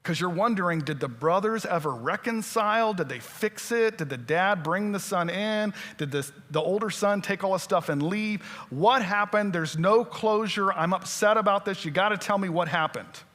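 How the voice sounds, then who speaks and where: A man's voice: high voice, normal speed, few pauses, a bit bright. A male pastor preaching a sermon in a conversational way, often quizzing his listeners with questions. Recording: long church-hall reverb.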